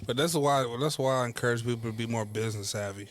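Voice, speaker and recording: Quick-talking man pitching like a negotiator. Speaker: podcast co-host. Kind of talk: casual chat.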